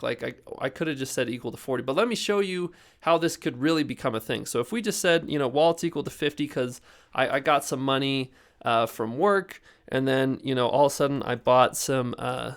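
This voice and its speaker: A young man walks through a programming lesson in an easygoing, conversational way. He fills his explanations with "like" and "you know," and his voice sits at an ordinary middle pitch. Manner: loose and chatty, heavy with fillers like "like" and "you know". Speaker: programming instructor. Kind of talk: casual screen-recorded coding lesson.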